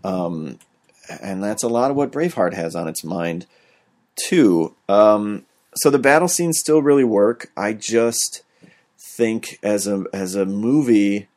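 A man co-hosting a podcast, reviewing a film in a relaxed, rambling way, with many fillers. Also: lowish voice, takes it slowly. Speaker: podcast co-host. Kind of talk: casual movie review chat.

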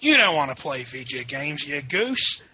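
Very bright-voiced joking man. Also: fairly high pitch, sing-song, moderate pace, husky, muffled recording. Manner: joking, profane, teasing. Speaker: podcast co-host. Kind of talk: casual podcast banter.

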